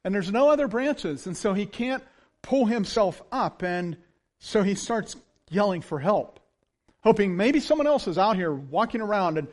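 A male pastor delivers a sermon in a relaxed, storytelling manner. His voice sits fairly high, and he moves between quiet asides and animated moments. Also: moderate pace.

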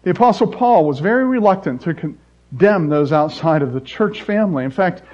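A man preaching a sermon as pastor, swinging between loud emphasis and soft, quiet asides. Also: high voice, lively intonation, moderate pace. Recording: dull lo-fi recording.

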